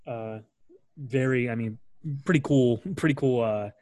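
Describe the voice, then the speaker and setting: A man's voice: medium pitch, steady tone, a little slow, darkish tone, no room sound. A young man hosting a casual chat, rambling with lots of fillers and acting out quotes. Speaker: podcast host. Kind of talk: casual chat recapping wrestling.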